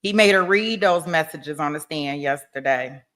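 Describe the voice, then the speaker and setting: A woman's voice: deep voice, moderate pace, a bit bright. Chatty woman commenting live on a trial. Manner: chatty, laughs often, talks to viewers.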